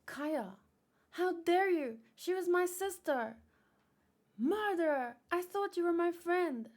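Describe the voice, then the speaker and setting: A woman voicing a grief-stricken young woman who shouts accusations, in a manga read-aloud. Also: very high-pitched, lively intonation, takes it slowly, voice pushed up, full character voice. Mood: furious.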